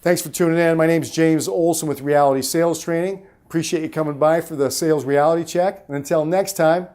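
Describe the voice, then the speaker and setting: A middle-aged man with a slightly high voice delivers a motivational talk to salespeople. He is emphatic and coaching, pushing his pitch up and dropping it low, then getting loud and going quiet again to drive each point home. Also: fairly even intonation, fairly quick. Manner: emphatic, coaching, varies pitch and volume widely. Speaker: sales trainer, host.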